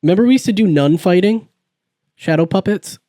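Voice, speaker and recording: A young man co-hosts a podcast, ribbing his friend in loose, joking chat. His pitch swings around a lot as he talks, and the recording is dry and close. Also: lively intonation, brisk, warm tone, dry recording. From Rhode Island. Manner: playful, teasing, mock-storytelling. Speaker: podcast co-host. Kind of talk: casual chat.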